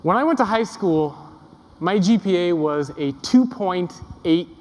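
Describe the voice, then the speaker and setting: A man's voice: high-pitched, animated, measured pace, a little hiss or hum. A young man giving a humorous keynote to a live audience, telling self-deprecating stories and joking with the crowd. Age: young adult. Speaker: keynote speaker. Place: large conference hall before a live audience. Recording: echoey conference hall, live.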